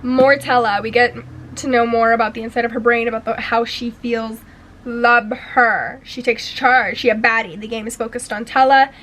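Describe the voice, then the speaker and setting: A woman's voice: a little high, flat delivery, moderate pace, fairly bright tone, slight background noise, rough recording. Gushing, slangy young woman reviewing books. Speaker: book vlogger. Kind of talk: casual book review.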